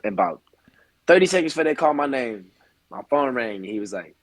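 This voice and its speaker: A young man in his twenties, a baseball player, telling stories casually in an interview and acting out the quotes with lively voices. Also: medium pitch, fast, dry recording, low-quality recording.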